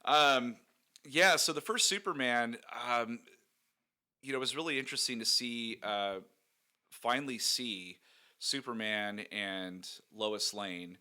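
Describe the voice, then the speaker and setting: A man's voice: mid-range voice, measured pace, pushed and bright, clean tone. A man co-hosting a casual podcast, joking and rambling with lots of fillers and laughter. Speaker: podcast co-host.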